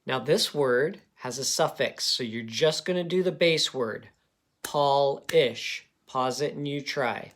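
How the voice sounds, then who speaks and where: A man's voice: mid-range voice, a little slow, few pauses, fairly bright tone. A man teaching a children's phonics lesson, patiently sounding out words syllable by syllable.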